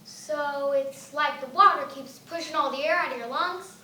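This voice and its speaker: Woman acting as an eager girl of twelve, very high bright voice, echoey far-off room. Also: moderate pace, slight background noise. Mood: curious. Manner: eager, apologetic. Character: earnest twelve-year-old girl, anxious.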